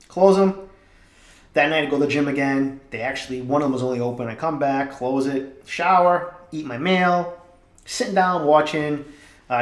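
A young man, hosting a podcast and telling stories in an animated, profane, jokey way. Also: fairly high pitch, echoey room. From Boston area. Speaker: podcast host. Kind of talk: casual storytelling monologue.

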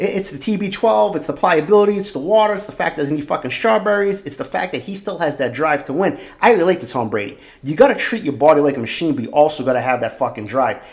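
A man in his forties hosting his own podcast, talking candidly and swearing often, with animated outbursts. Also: on the high side. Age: 40s. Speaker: podcast host. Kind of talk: casual solo podcast monologue.

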